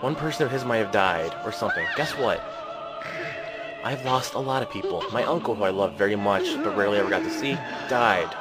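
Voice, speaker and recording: A nineteen-year-old man in an angry, profane rant, breaking into shouts. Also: fairly low pitch, lively intonation, brisk, loud music behind the voice, low-quality recording. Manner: furious, profane, bursts into shouting.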